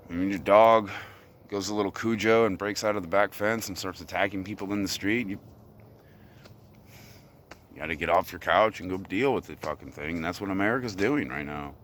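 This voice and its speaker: A man's voice: deep voice, a bit bright, a little hiss or hum. A man delivering an agitated, profane solo rant outdoors on a hilltop. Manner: ranting, profane, agitated monologue.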